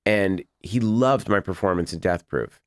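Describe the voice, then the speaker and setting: A Boston film director, appearing as a podcast guest, speaks in a low, slightly slow voice over a dry, studio-quality recording. He talks casually and rambles through his stories, acting out what other people said as he goes.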